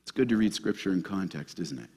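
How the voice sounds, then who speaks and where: A male pastor preaching a sermon in a church, with an animated delivery that puts questions to the congregation. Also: deep voice, fast talker, husky.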